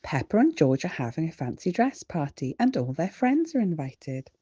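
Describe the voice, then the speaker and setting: A British woman reading a children's storybook aloud, slow and expressive. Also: deep voice, slightly rough, muffled recording. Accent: British English. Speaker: children's book reader.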